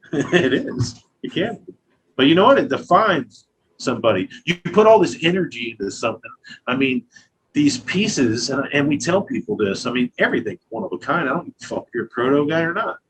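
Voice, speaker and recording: A man's voice: on the high side, big pitch swings, a little fast, poor audio. Man, 30s, glass artist guest, loose swearing storyteller, faint background noise. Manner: profane, loose, storytelling with acted quotes. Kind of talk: casual interview talk.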